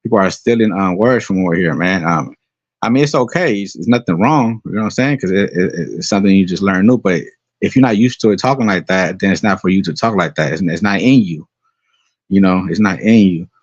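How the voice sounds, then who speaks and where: Deep-voiced laid-back Bay Area man. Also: fairly quick, no echo. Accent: Bay Area slang. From Bay Area, California. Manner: laid-back, slangy, full of fillers. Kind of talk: casual chat. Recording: dry, lo-fi audio.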